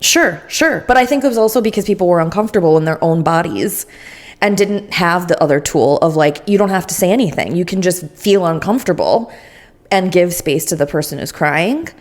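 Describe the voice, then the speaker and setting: A chatty woman co-hosting a podcast, her voice sitting a bit low. She talks loosely with lots of "like," laughs often, and slips into little acted-out quotes. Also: lively intonation, a little fast. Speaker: podcast co-host. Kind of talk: casual chat. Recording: uneven sound quality.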